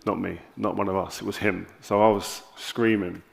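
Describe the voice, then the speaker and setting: South London man, gravelly, fairly low-pitched; candid stage guest spinning animated anecdotes. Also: moderate pace. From South London, England. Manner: animated anecdotes with lively quoted dialogue. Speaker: interview guest.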